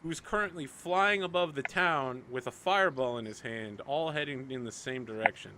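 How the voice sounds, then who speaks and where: Male game master, bright voice, loose chatty narration, streamed tabletop game. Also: medium pitch, moderate pace, slight background noise. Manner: casual, chatty, lots of fillers like "like".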